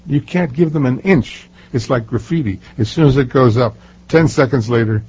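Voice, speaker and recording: Gravelly older man telling stories. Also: medium pitch, normal speed, a little mellow. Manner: emphatic, storytelling, many fillers and restarts. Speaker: author being interviewed. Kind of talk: casual interview talk. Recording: muffled lo-fi recording.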